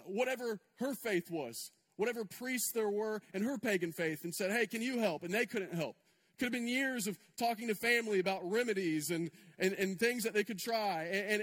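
A man preaching a sermon to a congregation in a lively, conversational way, full of rhetorical questions. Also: high voice, big-room sound. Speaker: pastor.

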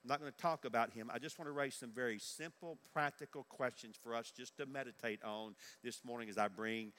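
A man's voice: medium pitch, a little fast, a bit bright. An older man preaching a sermon in earnest, repeating his key questions for emphasis. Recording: echoey large hall.

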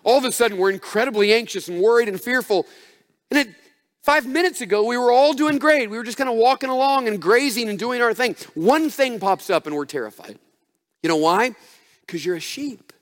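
High-voiced man preaching in a reverberant hall. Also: a little fast. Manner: conversational, animated preaching with acted asides. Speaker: pastor. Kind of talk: sermon.

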